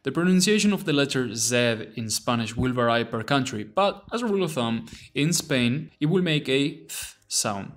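A man narrating a language lesson, repeating phrases slowly and deliberately. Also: mid-range voice, lively intonation. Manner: slow, deliberate repetition of phrases. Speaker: language teacher.

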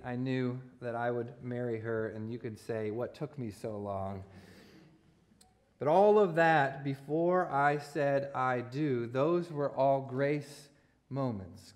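A man's voice: mid-range voice, darkish tone. A man in his forties preaching a sermon in a church, telling a personal story with self-deprecating jokes and laughing at his own humor. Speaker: pastor. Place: church sanctuary.

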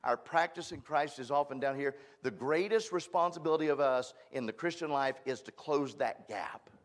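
A man's voice: fairly high pitch, normal speed. Emphatic, folksy male preacher. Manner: folksy, emphatic, self-deprecating. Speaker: guest preacher. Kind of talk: sermon. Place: church.

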